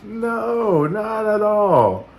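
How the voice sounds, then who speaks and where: A man's voice: sits high, sing-song, extremely slow, creaky, slight background noise. A man in his thirties co-hosting a casual recap podcast, telling stories with laughs and quoted asides. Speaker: podcast co-host.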